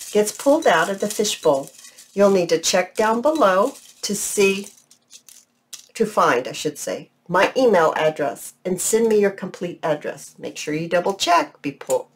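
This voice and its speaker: A woman hosting a craft tutorial vlog, chatting warmly and gushing over her projects as she works. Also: mid-range voice. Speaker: crafting channel host.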